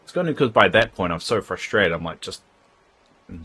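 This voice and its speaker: A man's voice: low voice, expressive, quick pace, noisy background. A man chatting casually and frankly while streaming a game, rambling from thought to thought. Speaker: livestreamer. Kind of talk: casual gameplay chat.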